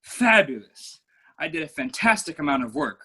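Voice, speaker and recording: A man's voice: on the high side, big pitch swings, moderate pace, sharp tone, breathy edge, exaggerated voice. A young man playing a flamboyant, vain playwright in a school play over a video call, with florid, theatrical delivery. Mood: grandiose. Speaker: student actor.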